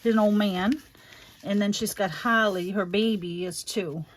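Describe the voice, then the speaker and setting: A woman's voice: mid-range voice, a little slow. Affectionate woman chatting on a craft livestream. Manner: affectionate, chatty, calls viewers honey; rambling, with many fillers. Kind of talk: casual crafting livestream chat.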